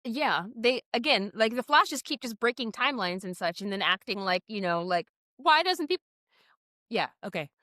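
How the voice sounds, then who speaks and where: A woman in her thirties co-hosting a podcast, excitable and playful, jumping in with quick reactions. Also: mid-range voice, no echo, studio quality. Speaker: podcast co-host. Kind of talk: casual chat.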